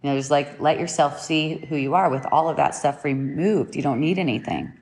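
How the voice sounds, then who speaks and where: A woman giving a spiritual teaching talk in an unhurried, reflective way, often repeating and rephrasing her points, at times pressing them home with short emphatic commands. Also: deep voice, a little mellow, slight background noise.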